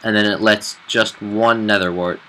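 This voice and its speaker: A man who admins a game server, walking through a build in a casual tutorial, relaxed and halting with fillers. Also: lowish voice, a little hiss or hum, low-quality recording.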